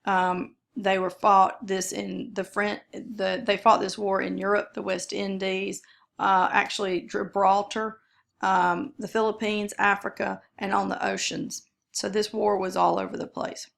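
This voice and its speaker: A woman's voice: medium pitch, level tone, unhurried, creaky, a bit bright. A woman teaching a history lesson in a casual, conversational way, with frequent fillers and self-corrections. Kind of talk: casual classroom lecture.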